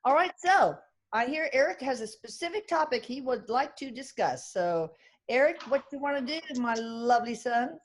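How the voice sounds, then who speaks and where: A middle-aged woman with a Texan accent hosting a casual group chat, chatty and quick to laugh. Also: sits high, animated. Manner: chatty, laughing, drawling y'all. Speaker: host.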